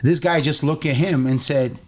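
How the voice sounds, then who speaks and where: Male coach, lively raised-pitch storyteller, loose casual podcast delivery. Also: normal speed. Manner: animated storyteller, acts out voices in quotes, many restarts. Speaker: jiu-jitsu coach and guest.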